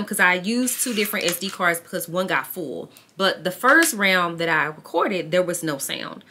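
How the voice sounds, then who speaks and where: A woman's voice: fairly low pitch, bright, forceful tone. Woman vlogger, casual and chatty, voice that rises and falls a lot, faint hiss behind. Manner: chatty, addresses viewers as y'all and girl; talks herself through frustration. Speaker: lifestyle vlogger. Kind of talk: casual chat to camera.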